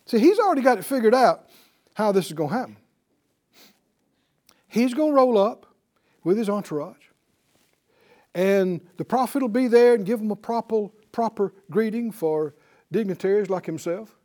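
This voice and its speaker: A man teaching a Bible class, telling the story in an animated way and chuckling often. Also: high voice, moderate pace, long pauses.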